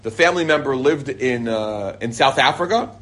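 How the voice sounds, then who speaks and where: Animated and fairly bright in tone, a middle-aged man speaks at a moderate pace and medium pitch. In an informal Torah class before a live group, he reads Hebrew passages and then explains them with casual humor in English.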